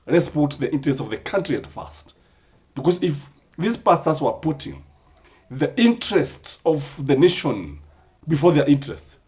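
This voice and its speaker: A man's voice: medium pitch, a little mellow. A Kenyan man giving impassioned commentary, firing rhetorical questions and Swahili sayings.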